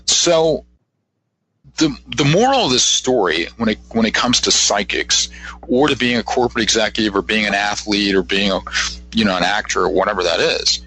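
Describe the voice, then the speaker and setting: A man's voice: fairly low pitch, moderate pace, sharp tone, slightly rough, low-quality recording. A man in his fifties, a guest psychic, telling rambling anecdotes in a casual radio interview and acting out quotes as he goes. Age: 50s.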